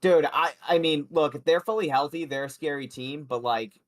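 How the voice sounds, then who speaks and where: A man's voice: a little high, normal speed. Chatty, foul-mouthed male stream host. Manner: loose, profane and chatty. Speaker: co-host of a sports betting livestream. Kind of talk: casual livestream chat.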